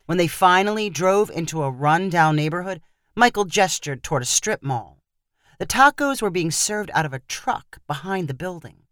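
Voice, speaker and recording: A woman's voice: lowish voice, moderate pace, no echo. Woman narrating a story, dry close sound. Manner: steady storytelling read. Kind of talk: scripted narration.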